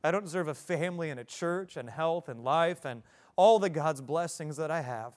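Male pastor, 30s, fairly high voice, emphatic building sermon delivery. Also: moderate pace. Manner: preaching with rising emphasis and repeated phrases.

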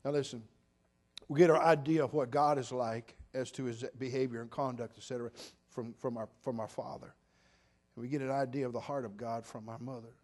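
A pastor in his sixties delivers a sermon in an ordinary mid-range male voice. He swings between loud, emphatic bursts and soft, low asides. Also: steady tone, fairly quick. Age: 60s. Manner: preaching with sudden loud bursts and quiet drops.

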